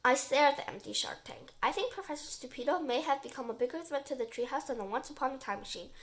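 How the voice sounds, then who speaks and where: Bright-voiced woman reading a storybook. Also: high voice, expressive, fast talker. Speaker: reader. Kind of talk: children's storybook read-aloud.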